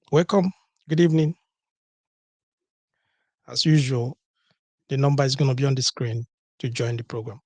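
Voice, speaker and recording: Male call-in host, husky, dry close mic, emphatic and rhetorical. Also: mid-range voice, no echo. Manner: emphatic, repeats key words, asks rhetorical questions. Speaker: podcast host. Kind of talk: call-in show monologue.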